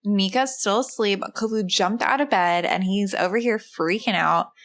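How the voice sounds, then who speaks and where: A woman's voice: mid-range voice, normal speed, fairly bright tone. A woman hosting a casual let's-play, chatty and filler-heavy as she narrates her game. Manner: chatty, many fillers like "like" and "you know". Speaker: host, gameplay narrator.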